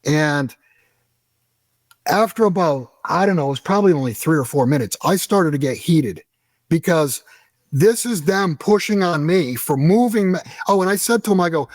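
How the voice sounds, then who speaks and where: A middle-aged American man telling a story as an interview guest, animated and profane, acting out the dialogue. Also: fairly high pitch, normal speed, no echo. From United States.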